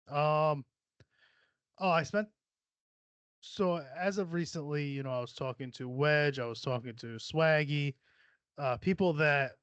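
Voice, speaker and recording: A man's voice: mid-range voice, no room sound. A young adult man hosting a casual solo podcast from a cluttered home room, blunt, profane and rambling as he jokes. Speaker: podcast host.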